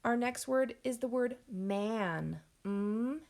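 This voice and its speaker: A woman teaching a phonics lesson to young children, sounding out words slowly and clearly and encouraging the class. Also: on the high side, background noise. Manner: encouraging, addresses class as friends.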